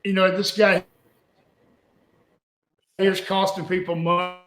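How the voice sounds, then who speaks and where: A man's voice: sits high, level tone, slow pace, fairly bright tone. An older man, a former wrestling booker, telling a rambling, folksy story with chuckles in an interview clip. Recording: echoey room.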